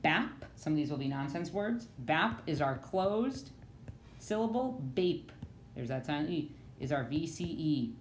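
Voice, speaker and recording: A woman teaching a phonics lesson to children, with an animated, sing-song delivery. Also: low-pitched, unhurried, slight background noise. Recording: echoey room with faint ambience.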